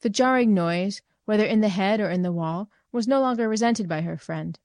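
A woman reading a short story aloud in measured, clear scripted narration. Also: mid-range voice, a little mellow, dry recording. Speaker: reader.

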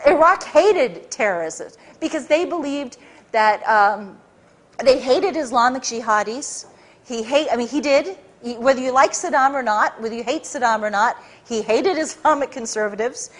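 A woman speaking at a public talk, telling a story to a live audience in an animated, rambling way, often correcting herself mid-sentence. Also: fairly high pitch, moderate pace.

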